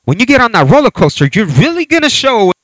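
A man preaching a sermon with animated storytelling, acting out voices and scenes as he talks. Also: very high voice, quick pace, dry recording.

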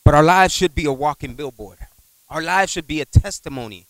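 A man preaching a sermon in a conversational, animated way, telling a personal story, repeating words and asking the congregation for an amen. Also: fairly high pitch, fairly quick, no room sound, poor audio. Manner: animated, acts out voices in his stories.

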